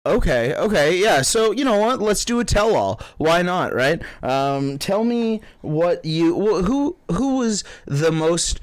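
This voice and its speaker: Male comedy call-in host, playful and giggly; higher voice, dry close sound. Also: very animated, takes it slowly, few pauses, no room sound. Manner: playful, laughs often, stammers.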